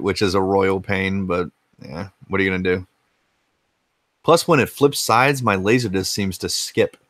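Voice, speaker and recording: A man's voice: low voice, a bit bright, no room sound. An American man hosting a casual retro gaming livestream from his home game room, laid-back and rambling, swearing freely as he answers chat. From United States.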